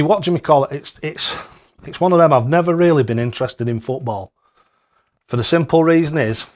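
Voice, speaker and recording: A man, hosting a casual darts live-stream, chatty and jokey, laughing often and loud when he greets viewers. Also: medium pitch.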